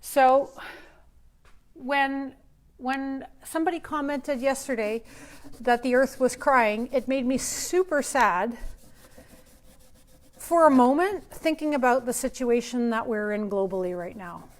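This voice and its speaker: A woman's voice: high voice, slow pace, pauses often. A woman painter hosting a live open studio, chatting and thinking aloud as she demonstrates her process.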